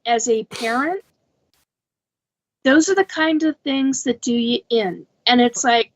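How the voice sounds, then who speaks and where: A woman's voice: on the high side, slow pace, low-quality recording. A woman co-hosting a paranormal podcast, talking emphatically and repeating words as she thinks aloud. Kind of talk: casual podcast discussion.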